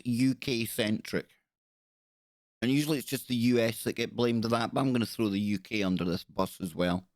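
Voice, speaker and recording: A male talk-show host reacts to news footage in a sarcastic, indignant tone, doubling back on his words as he goes. His voice sits at an ordinary middle pitch. The sound is close and dry, with no room echo. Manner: indignant, sarcastic, repeats himself. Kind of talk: live-show commentary on video clips.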